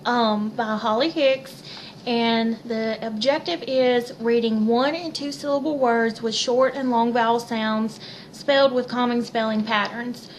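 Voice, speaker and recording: Young female teacher explaining a lesson plan; slow, slightly high delivery. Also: slight background noise, poor audio. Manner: unhurried and plain, with fillers.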